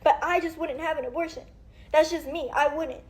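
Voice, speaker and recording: A woman's voice: high-pitched, steady tone, a little fast. Tearful young woman venting. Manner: tearful, rambling and blunt. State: crying. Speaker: celebrity venting on social media. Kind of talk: emotional personal account.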